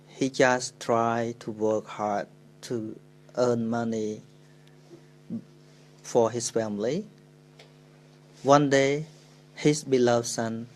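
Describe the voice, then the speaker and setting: A Buddhist monk with a Khmer accent, giving a dharma talk in English and telling a story with pauses and self-corrections. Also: male voice, mid-range voice, slight background noise, poor audio.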